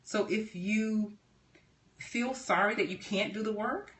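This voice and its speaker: A woman trainer teaching on a live stream. She talks in a lively, chatty way, laughs often and keeps checking in with "right?". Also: mid-range voice, takes it slowly, a little hiss or hum. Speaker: personal development trainer.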